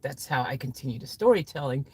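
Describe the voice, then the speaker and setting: A woman's voice: extremely low pitch, animated, fast talker, breathy edge. A woman hosting a livestream, chatting playfully with her viewers and laughing often as she sets up an improvised story. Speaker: livestream host. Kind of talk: casual improv storytelling to a chat.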